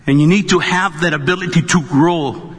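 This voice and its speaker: A man's voice: on the high side, moderate pace, slightly rough. A man pastor preaching a sermon to a congregation, joking and conversational as he goes. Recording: long reverb of a large hall.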